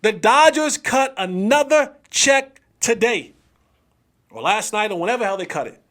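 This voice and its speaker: A man hosting a sports talk show, with a voice that sits well above the usual male range. He speaks casually and full of slang, addressing viewers directly. His delivery is emphatic and animated, and he stretches out his exclamations. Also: sits high, normal speed. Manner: slangy, talks straight to viewers.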